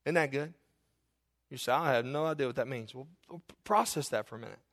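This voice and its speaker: A man's voice: medium pitch, a little fast, fairly bright tone. A man from Kentucky with a Southern accent, preaching a sermon with emphatic repetition and folksy asides. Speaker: pastor.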